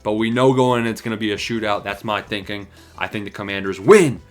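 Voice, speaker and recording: A man's voice: fairly low pitch, fairly even intonation, fast talker, a bit bright, faint music behind. A young man casually calling his football picks to viewers in slangy, hyped talk, out of breath. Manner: hyped, slangy, talks to viewers as "boys" and "bro". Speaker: sports predictions host. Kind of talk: casual sports betting talk.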